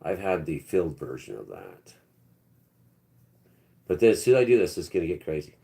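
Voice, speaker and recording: A man in his fifties hosting a livestream, rambling to viewers in the chat and trailing off into low mutters. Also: very animated, normal speed, creaky, mellow. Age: 50s. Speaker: livestream host.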